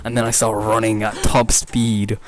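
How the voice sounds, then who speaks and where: A young man hosting a podcast, rambling through an improvised absurd comedy story, often laughing at his own jokes and leaping up in pitch when he quotes people. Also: monotone, moderate pace, crowd noise. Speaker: podcast host.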